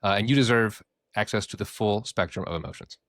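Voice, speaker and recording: A man who works as a therapist, hosting a casual podcast and talking in an animated, joking way. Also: fairly low pitch, fast talker, dry recording, clean studio sound. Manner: animated, joking, acts out quoted voices.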